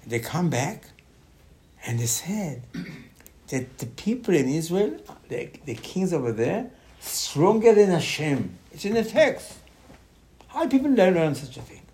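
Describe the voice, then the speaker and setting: A man giving a Torah class in animated, non-native English, often repeating his words and jumping up in pitch. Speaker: Torah teacher.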